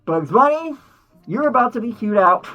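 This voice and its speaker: A woman hosting a cartoon commentary, talking in an animated, indignant way full of rhetorical questions. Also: a little high, moderate pace, muffled recording, soft background music. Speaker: host.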